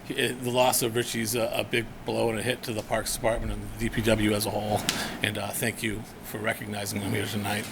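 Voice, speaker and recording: A man speaking somberly and haltingly at a town meeting. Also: lowish voice, little pitch movement, creaky. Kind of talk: meeting remarks. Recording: distant mic in a noisy room.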